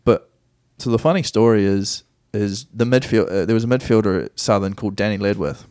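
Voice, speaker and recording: Kiwi man, podcast guest, low voice, dry close sound, casual storyteller who loops back on himself. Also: a little fast, darkish tone, no echo. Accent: New Zealand. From New Zealand. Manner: rambling, self-correcting anecdotes with easy laughs. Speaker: guest soccer player.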